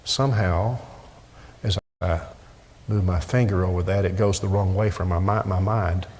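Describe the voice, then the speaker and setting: A man's voice: low voice, fairly even intonation, normal speed, darkish tone, a little hiss or hum. A middle-aged man preaching a sermon emphatically, often repeating words as he presses a point. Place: church sanctuary. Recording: echoey church hall.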